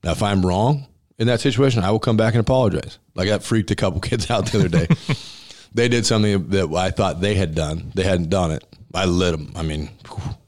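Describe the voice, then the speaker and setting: A man's voice: sits low, a little fast, darkish tone. A man who owns a restaurant and once played football as a center, telling stories in a casual interview in a blunt, emphatic way and acting out the dialogue. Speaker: restaurant owner and former college football center.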